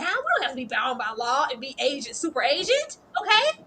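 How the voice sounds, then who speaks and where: A woman co-hosting a TV recap show, animated and laughing, swinging from hushed asides to loud outbursts. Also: high voice, brisk, background noise. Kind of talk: casual chat reviewing a TV episode.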